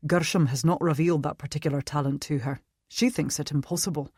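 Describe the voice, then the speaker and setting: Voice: mid-range voice, fairly even intonation, fast talker, darkish tone, husky, no echo, clean studio sound. An audiobook narrator voicing a grim, regretful Scottish male immortal.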